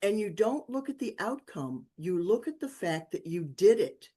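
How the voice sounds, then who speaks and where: A woman's voice: normal speed, husky. Older lady guest telling funny stories, does all the voices, laughs a lot. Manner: animated, acts out dialogue with big pitch jumps, laughs often. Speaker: podcast guest, author. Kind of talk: storytelling in casual chat.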